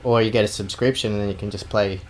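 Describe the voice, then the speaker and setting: A man with an Australian accent, co-hosting a casual podcast and telling stories in a sweary, animated way. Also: lowish voice, fast talker, a crowd in the background. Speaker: podcast co-host. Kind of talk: casual chat.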